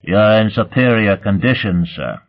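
A man doing a gravelly female attendant. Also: lowish voice, expressive, unhurried, pitched above the performer's own voice. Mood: flat. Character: gruff heavy-set female attendant. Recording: tinny phone-like sound.

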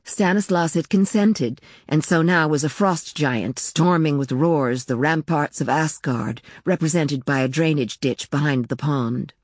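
Low-voiced woman reading a novel. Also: measured pace, few pauses, dry recording, studio quality. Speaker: audiobook narrator. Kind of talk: scripted literary narration.

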